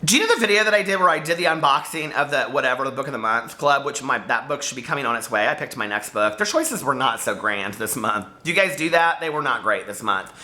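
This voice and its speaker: Animated, bright-voiced chatty book vlogger man. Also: medium pitch, quick pace, few pauses. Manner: animated storyteller, talks straight to viewers. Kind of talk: casual chatty vlog. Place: home.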